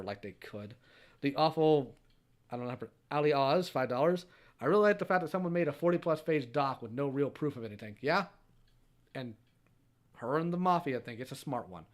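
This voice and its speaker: A man's voice: mid-range voice, expressive, fairly quick. Man dryly reading out stream donations. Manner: reads messages aloud, answers with short dry quips. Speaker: streamer host.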